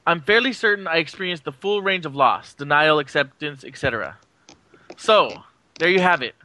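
A man hosting a podcast, talking casually with frequent fillers and pauses. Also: a little high, dry recording. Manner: relaxed, halting with fillers. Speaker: podcast host.

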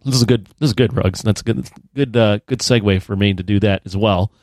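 A man co-hosting a casual movie review podcast, animated and incredulous as he acts out scenes. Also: on the low side, a little fast, dry recording, studio quality. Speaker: podcast co-host.

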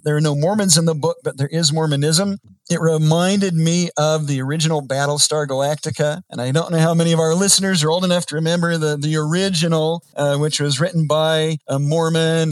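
A man's voice: a little high, no room sound, low-quality recording. A man co-hosting a podcast, chatting casually and thinking aloud with frequent restarts. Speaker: podcast co-host. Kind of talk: casual conversational chat.

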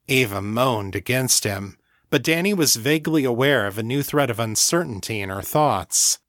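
A man reading a novel aloud as narrator, measured and even. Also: medium pitch, no room sound, studio quality. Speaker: audiobook narrator. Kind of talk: scripted narration.

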